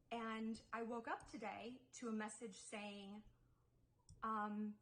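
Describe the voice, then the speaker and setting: A woman's voice: fairly high pitch, fairly bright tone, low-quality recording. A young woman YouTuber telling an upsetting story to her viewers in a confessional vlog, rambling and defensive, full of "like" and restarts.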